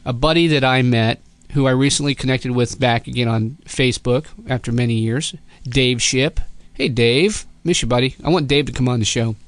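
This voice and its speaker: A middle-aged Southern Californian podcast host tells a casual, rambling story, restarting often, correcting himself and quoting people in lively voices. His voice is mid-range at a moderate pace, with no echo.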